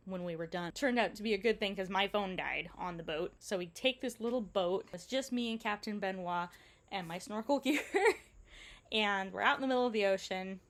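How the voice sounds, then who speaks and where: A woman tells a travel story in a chatty, relaxed way. She acts out what others said in animated quotes. Her voice sits at an ordinary pitch for a woman. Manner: chatty, animated retelling with quoted dialogue and laughs. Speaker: travel vlogger.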